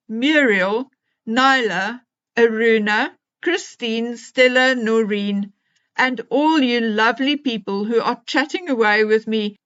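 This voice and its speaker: A woman's voice: on the high side, fairly bright tone, smooth. A woman vlogger chatting to her subscribers in an earnest, opinionated way. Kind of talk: casual chat to subscribers. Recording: dull lo-fi recording.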